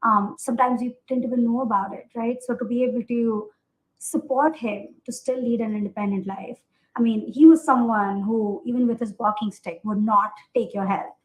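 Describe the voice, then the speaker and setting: Podcast guest, woman in her thirties from India, animated storyteller, fairly high voice. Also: rough recording. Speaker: guest, accessibility product manager.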